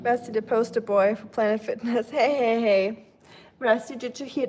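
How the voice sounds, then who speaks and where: A woman with a slightly high, a little mellow voice chats casually with viewers on a live stream, speaking at a moderate pace in a steady tone. She's playful and laughs a lot. She's at home as rain falls outside, and the rough recording carries rain ambience and faint music.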